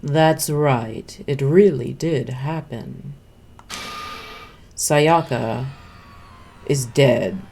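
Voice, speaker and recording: A woman streamer reading a visual novel aloud, in a dramatic, unhurried manner with playful asides. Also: extremely low pitch, gravelly, warm tone, a little hiss or hum.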